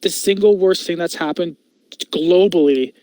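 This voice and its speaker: A man's voice: high voice, moderate pace, warm tone, no echo. A man co-hosting a podcast, ranting in exasperation and swearing in casual chat.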